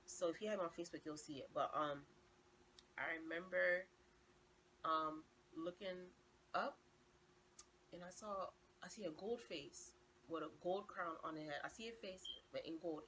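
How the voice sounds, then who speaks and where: A woman's voice: lowish voice, a bit bright, a little hiss or hum, low-quality recording. A young woman sharing a personal faith testimony, earnest and heartfelt, often repeating her phrases for emphasis.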